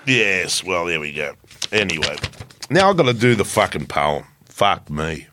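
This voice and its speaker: A man's voice: low-pitched, sing-song, measured pace, background noise. A man co-hosting a podcast, chatting casually with laughter and swearing. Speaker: podcast co-host. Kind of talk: casual chat.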